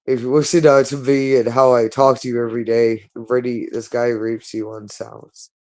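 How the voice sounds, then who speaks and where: A man's voice: mid-range voice, level tone, moderate pace, darkish tone. A man speaking in a hostile, repetitive monologue, berating someone and swearing constantly. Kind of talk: angry monologue.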